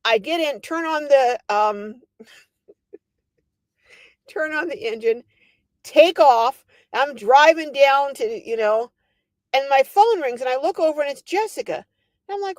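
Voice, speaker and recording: Older woman, livestream host, fairly high voice, animated storyteller, dry close sound. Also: slow, pauses often, no room sound. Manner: animated storytelling, laughing often. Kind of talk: casual livestream chat.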